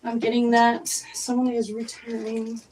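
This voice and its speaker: Young woman rambling through a live tarot reading, kinda high voice, little bit of hiss behind. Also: monotone, a little slow. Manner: chatty, rambling, reads the cards out loud to viewers. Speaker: tarot reader on a live stream.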